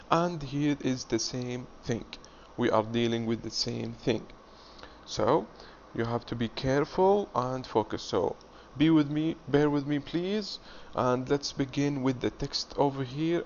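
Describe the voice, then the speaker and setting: A man teaching an English reading lesson, explaining slowly and repeating himself step by step. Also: mid-range voice. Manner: slow, repetitive, explaining step by step. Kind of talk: classroom video lesson. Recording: dull lo-fi audio with faint hiss.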